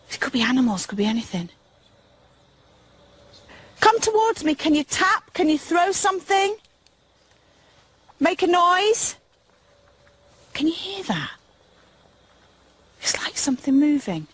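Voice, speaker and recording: A woman's voice: high-pitched, big pitch swings, measured pace, pauses often, fairly bright tone. A woman presenting a paranormal show, alone in the woods at night, calling out to spirits with nervous, whispering fright. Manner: nervous, jumpy, whispering often, with bursts of nervous humour.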